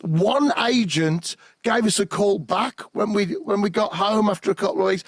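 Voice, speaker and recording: A man, a guest musician, telling lively anecdotes in an animated way on a podcast. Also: high-pitched, moderate pace, hardly any pauses, no echo. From England. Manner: lively anecdotal, acts out quotes. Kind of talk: animated storytelling.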